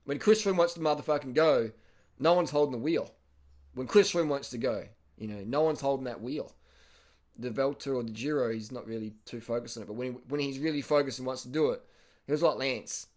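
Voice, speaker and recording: An Australian man casually commenting over race footage, blunt and excitable, swearing and repeating himself. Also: medium pitch, a little fast. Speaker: cycling video host.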